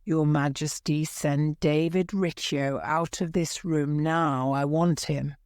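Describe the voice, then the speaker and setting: A woman's voice: low-pitched, steady tone, takes it slowly, a little mellow, no echo, clean studio sound. A woman voicing a furious male lord who barks harsh commands. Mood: angry commanding.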